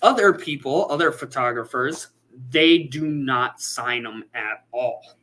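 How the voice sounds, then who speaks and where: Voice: mid-range voice, measured pace, fairly bright tone. A photographer hosting a casual livestream, chatting and reading out viewer comments.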